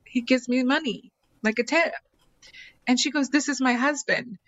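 A woman's voice: high voice, moderate pace, fairly bright tone. Woman psychic spinning a dramatic story, does all the voices, a bit muffled. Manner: dramatic, acts out quotes, repeats phrases. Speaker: psychic medium guest. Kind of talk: animated storytelling in conversation.

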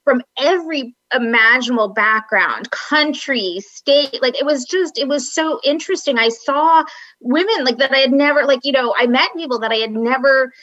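Bright-voiced Long Island woman, chatty. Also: high-pitched, normal speed, no room sound. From Long Island, New York. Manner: chatty, frank, lots of likes and restarts. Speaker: college admissions counselor. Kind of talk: casual podcast chat. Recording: dull, dry lo-fi recording.

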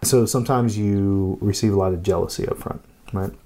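Male podcast co-host, very low voice, easygoing chat, lots of "right?" tags. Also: brisk, slight background noise. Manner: relaxed, says "right?" often, frequent fillers.

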